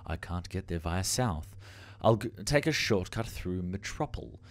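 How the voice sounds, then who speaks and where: A man's voice: low-pitched, animated, a little slow, voice pushed down. A man voicing a male diary writer in a put-on Irish-Scottish accent, reading a journal aloud. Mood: brooding.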